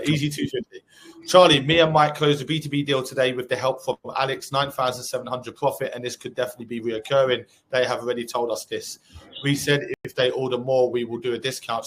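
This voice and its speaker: A man's voice: mid-range voice, level tone, brisk, a bit bright, slight background noise. A man co-hosting a live webinar, reading out viewer questions and answering them in a hyped, sweary, motivational way. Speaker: co-host.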